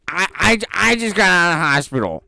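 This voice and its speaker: A woman's voice: lowish voice, lively intonation, fairly quick, creaky, pushed and bright, no room sound, pitched above the performer's own voice, heavily acted. A man voicing a hysterical middle-aged woman customer who makes gasping, panicky complaints about a refund.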